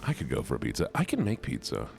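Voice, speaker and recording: A man's voice: very deep voice, huge pitch swings, fast, creaky, a little mellow, soft background music. A man streaming a game and chatting casually with his viewers in a playful, rambling way, often repeating words. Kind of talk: casual live-stream chat while gaming.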